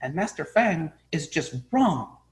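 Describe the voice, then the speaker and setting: A man's voice: medium pitch, animated, unhurried, natural voice, poor audio. A man voicing a proud, flustered young male monk who whines in exasperation. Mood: indignant. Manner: whiny, exasperated, overwrought.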